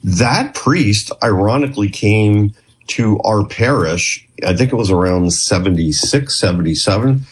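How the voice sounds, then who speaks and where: A man's voice: fairly low pitch, unhurried, slightly rough. A middle-aged man, a former clinician, telling rambling stories in an interview and often acting out quotes. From Canada. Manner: rambling, chatty, with frequent restarts and acted quotes. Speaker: guest, former clinician who worked with police. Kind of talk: storytelling interview.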